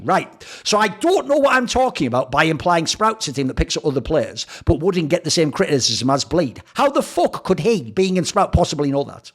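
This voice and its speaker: Sarcastic, husky man ranting. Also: fairly high pitch, very animated, fairly quick, few pauses. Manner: sarcastic, profane, mocking. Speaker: esports commentator and show host. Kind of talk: ranting commentary.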